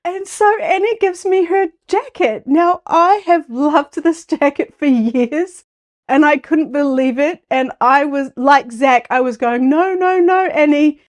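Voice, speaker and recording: A woman vlogger chatting casually to camera about a quilting show, telling a story with lively acted-out quotes. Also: sits high, a little slow. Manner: chatty and excited, acts out quoted voices.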